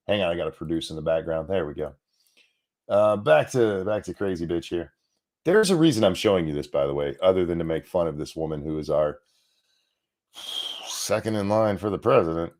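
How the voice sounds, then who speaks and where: A man runs a show and comments on news clips with open sarcasm and mockery. His pitch swoops all over as he talks. He jumps from loud outbursts to low mutters. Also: sing-song, brisk. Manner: sarcastic, mocking, swings loud and soft. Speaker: show host.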